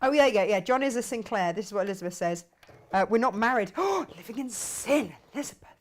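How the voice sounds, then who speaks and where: A woman's voice: fairly high pitch, animated, quick pace. Chatty giggly woman hosting a craft stream. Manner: chatty, giggly, reads out viewer comments. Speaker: craft show host. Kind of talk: casual live-stream chat.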